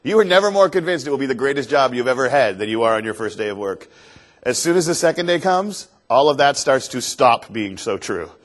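A cheery, wise desert tour guide speaks in an earnest, patient way, as a male speaker voices him. He explains his view of life calmly, at an ordinary middle pitch for a man. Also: a little fast, close to an everyday voice.

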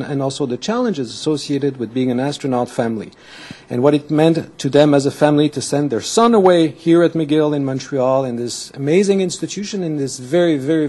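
A man's voice: a little high, warm tone. A man acting as event host, giving an enthusiastic formal introduction and stumbling over names now and then.

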